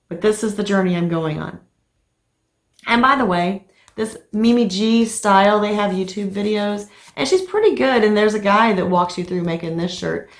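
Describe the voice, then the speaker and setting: Crafting vlogger, woman in her middle years, casual and talkative, medium pitch. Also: creaky, roomy sound. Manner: chatty, animated storytelling with fillers. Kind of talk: casual chat to camera.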